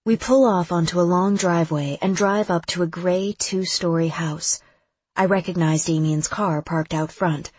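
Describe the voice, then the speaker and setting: A woman reads a first-person novel aloud with urgent, vivid delivery. Her voice is slightly low and husky, recorded close and dry. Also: fairly even intonation, moderate pace, darkish tone, no echo. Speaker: audiobook narrator. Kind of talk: first-person audiobook narration.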